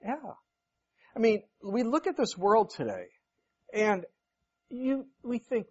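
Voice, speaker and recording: A man preaching a relaxed, conversational sermon, folksy and full of everyday stories. He slips into the voices of the people he quotes. The recording sounds dull and lo-fi. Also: high-pitched, slow, breathy edge. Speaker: pastor.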